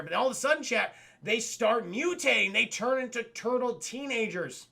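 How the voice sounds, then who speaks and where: A man streaming a casual recap of an old cartoon, animated and profane, laughing often and addressing his chat. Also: high-pitched, normal speed, gravelly, few pauses.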